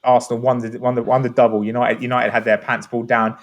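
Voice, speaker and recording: A man's voice: medium pitch, quick pace, hardly any pauses. A man talking football on a podcast in a rambling, enthusiastic, casual way. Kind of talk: animated casual chat.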